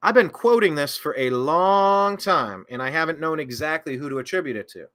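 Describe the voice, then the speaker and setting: A man's voice: a little high, expressive, normal speed, fairly bright tone. A man hosting a political talk show, reading viewer comments aloud and rambling through casual commentary with sarcastic, self-correcting asides.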